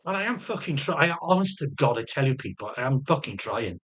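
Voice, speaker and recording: A man's voice: medium pitch, sing-song, fairly quick, fairly bright tone, breathy edge. Sweary, agitated man ranting. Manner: swears constantly, rambling and repetitive; agitated, defensive rant. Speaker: vlogger. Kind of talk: ranting personal health update.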